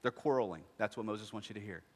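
A man in his thirties preaching a sermon, lively and joking, acting out voices as he speaks. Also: on the low side, fast. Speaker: pastor. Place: church sanctuary. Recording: long hall reverb.

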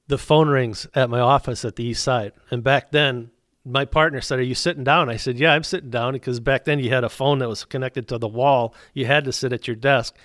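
A middle-aged business owner, appearing as a guest, shares his faith testimony as a story, voicing both sides of the conversation himself. His mid-range voice is steady and fairly bright, moving fairly quickly, with clean studio sound and no echo.

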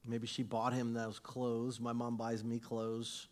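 A man's voice: mid-range voice, takes it slowly. A middle-aged male pastor preaching a sermon, telling stories with acted-out dialogue and chuckling at his own jokes. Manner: animated storytelling, acts out dialogue, laughs at own jokes. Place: church sanctuary with congregation.

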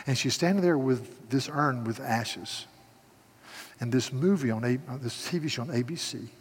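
An older man preaching a sermon, stumbling over restarts as he tells a story quietly, then rising to loud, emphatic proclamation. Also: medium pitch, husky, big-room sound. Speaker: pastor.

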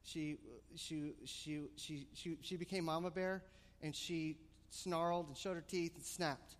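Male pastor, slightly high voice, lively storyteller, long hall echo. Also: unhurried. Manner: animated storytelling, rising excitement. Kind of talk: sermon with personal story.

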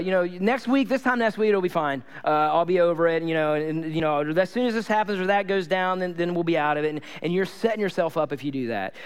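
Male pastor, sermon delivery, high and clear voice, lively storyteller who repeats for emphasis.

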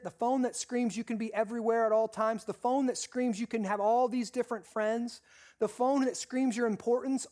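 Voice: medium pitch, a little mellow. Preacher with repeated, stressed phrases. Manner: talks directly to the congregation, asking questions. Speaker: pastor. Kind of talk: sermon.

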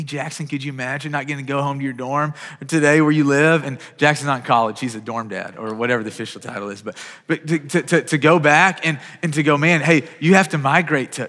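A man's voice: medium pitch, fairly bright tone, in a large hall. A man preaching a sermon as pastor, earnest and urgent, often repeating words as he starts a phrase.

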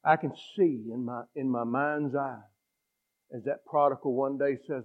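A middle-aged male pastor preaching a passionate sermon, swinging between loud appeals and hushed pleading. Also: mid-range voice, steady tone, a little slow. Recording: tinny phone-like sound.

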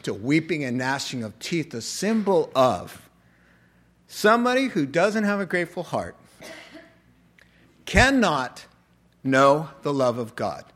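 A man preaching a sermon, telling a story and acting out the characters' lines with animated delivery. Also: on the high side, takes it slowly, pauses often. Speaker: pastor.

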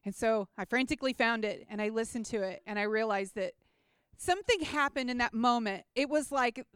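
A woman's voice: on the high side, brisk, a bit bright, smooth, no room sound. A woman sharing a personal faith testimony about a mission trip, talking casually and earnestly with many "like"s and restarts. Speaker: mission trip team member.

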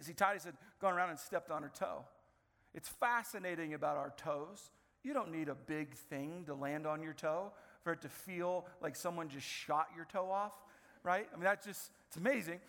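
A man in his thirties preaching a sermon as a pastor, telling family stories in an animated way and acting out the scenes. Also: on the high side, moderate pace, big-room sound.

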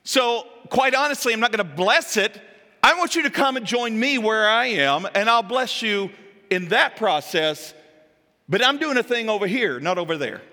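A male preacher voicing God as a patient, gently exasperated figure, talking loud and emphatic in a sermon. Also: high-pitched, lively intonation, moderate pace, pitched above the performer's own voice. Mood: explaining. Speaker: pastor. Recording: echoey hall with long reverb.

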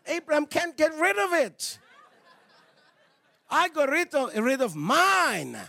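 Preacher, male; high and gravelly voice, dry close sound, swings from hushed asides to shouts. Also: sing-song, slow, no room sound. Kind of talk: sermon.

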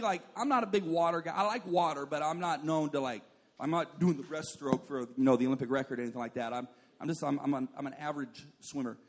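Young male preacher, husky, higher register, animated storyteller. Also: long reverb tail. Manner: animated, jokey, acts out voices of people in his stories. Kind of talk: sermon with comic storytelling.

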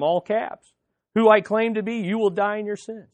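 A male pastor delivers a sermon with a high-pitched voice, stressing and repeating key words and getting the congregation to say them back. The sound is dry and close, with little room around him. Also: normal speed, dry recording. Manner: emphatic, repeats key phrases, leads congregation in call-and-response.

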